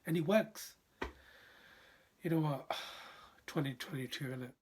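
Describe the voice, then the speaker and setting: A man's voice: fairly high pitch, a little slow, darkish tone, slightly rough. A man giving a passionate, frustrated fan review of his football team in a slangy way.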